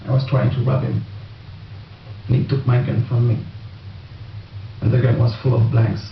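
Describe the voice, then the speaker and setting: An actor playing a wounded robber, complaining and indignant. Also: male voice, mid-range voice, little pitch movement, normal speed, gravelly, slight background noise, lightly acted. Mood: aggrieved. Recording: distant roomy lo-fi film audio.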